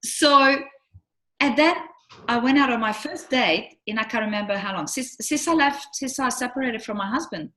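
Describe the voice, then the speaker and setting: A woman's voice: on the high side, moderate pace. A middle-aged woman, a relationship coach, chatting casually and acting out the people in her stories. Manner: animated storyteller, acts out quotes. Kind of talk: casual chat.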